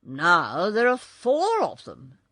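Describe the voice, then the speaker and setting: A woman reading a storybook, voicing a shaggy, protective man who calls out loudly. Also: medium pitch, wildly swooping pitch, takes it slowly, no echo, clean studio sound, exaggerated voice. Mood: calling. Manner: calling out loud.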